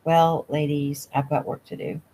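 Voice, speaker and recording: A woman's voice: low voice, level tone, normal speed, dark tone, a little hiss or hum, natural voice, rough recording. A woman reading the lines of an easygoing, teasing young rancher man, in a casual audiobook reading at home. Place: home room.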